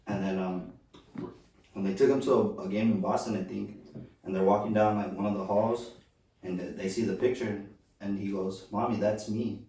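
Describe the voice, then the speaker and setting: A man's voice: lowish voice, fairly even intonation, normal speed, dark tone. A man co-hosting a casual podcast, telling a story in a loose, profane way and saying "bro" a lot. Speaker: podcast co-host. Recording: echoey room, far from the mic.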